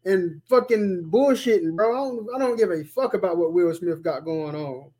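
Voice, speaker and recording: A man in casual chat who fires off quick, profane rants. His voice sits very high for a man. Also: dark tone.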